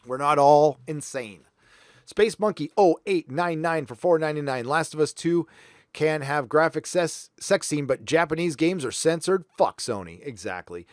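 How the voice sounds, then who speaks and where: A man's voice: fairly high pitch, dry recording, studio quality. A man hosting a livestream, reading viewer donations aloud with blunt, profane, sarcastic asides. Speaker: livestream host.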